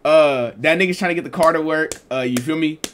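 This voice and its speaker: A man's voice: fairly high pitch, brisk, a bit bright. A young man casually telling a storytime vlog in loose, slangy talk with lots of fillers. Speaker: streamer and vlogger.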